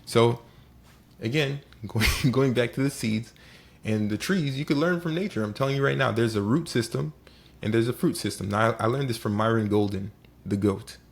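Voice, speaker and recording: A man giving a casual motivational talk as host, animated and acting out little scenes. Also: medium pitch, normal speed, creaky.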